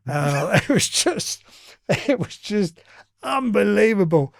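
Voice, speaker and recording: A man's voice: high-pitched, very animated, takes it slowly, vocal fry, dry recording, studio quality. An older man with an East London accent, telling stories as a podcast guest in a blunt, earthy way and swearing freely. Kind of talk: casual storytelling.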